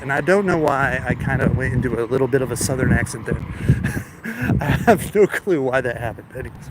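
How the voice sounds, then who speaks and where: A man's voice: medium pitch, expressive, measured pace. A man vlogging on a phone as he walks down a city street, rambling through a story, stammering and often laughing. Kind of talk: rambling storytelling while walking. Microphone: phone held while walking. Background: street traffic noise.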